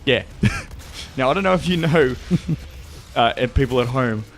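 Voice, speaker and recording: A man's voice: medium pitch, lively intonation, a little slow, slight background noise. A young Australian man chatting casually as co-host of a gaming show, rambling and swearing and laughing often as he tells his stories. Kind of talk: casual chat while gaming.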